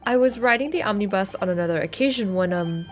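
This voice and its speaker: A bumbling male witness , played by a woman, rambles on in a sheepish, hesitant way. He halts and restarts, slow and awkward. Faint music plays underneath. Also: medium pitch, animated, lightly acted.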